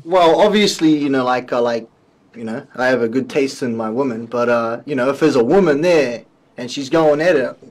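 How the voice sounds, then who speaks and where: A man's voice: mid-range voice, normal speed, a little mellow. A man guest on a comic talk show, trading teasing jokes. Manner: teasing, joking. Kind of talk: joking banter.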